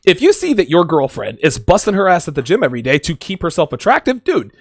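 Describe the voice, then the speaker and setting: A man's voice: on the high side, huge pitch swings, fast, slightly rough, dry recording, clean studio sound. A man hosting a podcast, giving dating advice in a blunt, joking, casual monologue with frequent swearing. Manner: acts out quoted voices. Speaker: podcast host.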